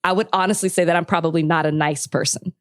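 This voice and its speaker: A woman's voice: lowish voice, steady tone, quick pace, fairly bright tone. A woman co-hosting a podcast in casual chat, blunt and emphatic, laughing often. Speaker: podcast co-host.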